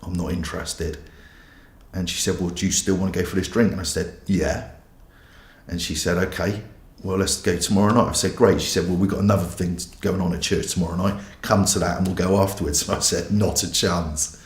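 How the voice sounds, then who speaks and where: A man's voice: low-pitched, fairly even intonation, a little fast, reverberant. A man, a pastor giving a candid, self-mocking personal testimony. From England.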